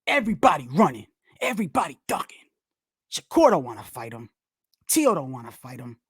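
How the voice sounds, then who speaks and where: A smug male boxing pundit, put on by a woman drops into a low, scoffing drawl as he spins his story. The voice sits far lower than her own and sounds dry and close. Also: big pitch swings, brisk, slightly rough, dry recording, exaggerated voice. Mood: mocking.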